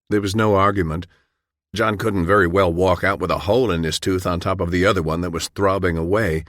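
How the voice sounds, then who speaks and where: A man narrating an audiobook in a steady, measured storytelling voice. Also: low-pitched, no room sound, clean studio sound.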